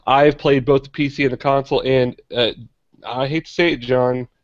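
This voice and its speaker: A man's voice: mid-range voice, fairly even intonation, normal speed, dry recording, lo-fi sound. A man co-hosting a gaming podcast in casual chat, blunt and swearing freely. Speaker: podcast co-host.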